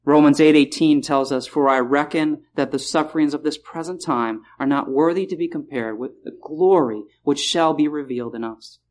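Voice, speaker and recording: A man preaching a sermon in a chapel, repeating key phrases and slowing down to stress words. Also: fairly high pitch, darkish tone.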